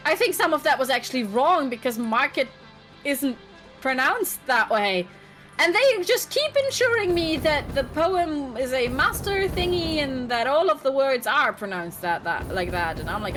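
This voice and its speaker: A woman's voice: high voice, sing-song, normal speed, over music. A woman in her twenties chatting casually on a stream, blunt and ranting, swearing freely. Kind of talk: casual chat.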